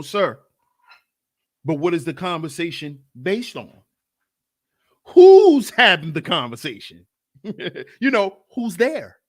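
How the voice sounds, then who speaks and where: A man hosting a livestreamed podcast, talking in an animated, mocking way and often asking "you see?". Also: fairly high pitch. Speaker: podcast host. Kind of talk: livestream commentary.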